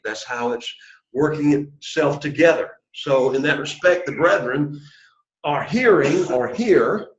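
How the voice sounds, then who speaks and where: A man teaching an introductory Greek class, patiently drilling students after opening with a prayer. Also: a little high. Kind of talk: classroom lesson. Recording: echoey room, dull lo-fi sound.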